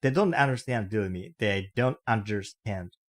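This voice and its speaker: A man reading a novel aloud, voicing a dutiful landlord who calms his guests. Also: on the low side, moderate pace, lightly acted. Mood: soothing. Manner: soothing, dutiful. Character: placating male village landlord.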